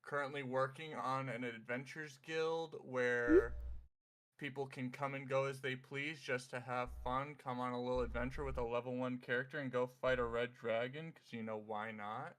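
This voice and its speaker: A man casually introducing himself as a voice actor and game master, halting with many fillers and swearing. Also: mid-range voice, fairly even intonation, fairly bright tone.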